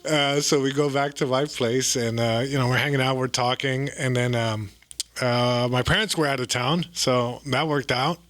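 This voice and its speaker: A man's voice: medium pitch, fairly even intonation, normal speed, loud music behind the voice. A man in his thirties, a comedian guest, telling a story in casual chat with many fillers, restarts and laughs.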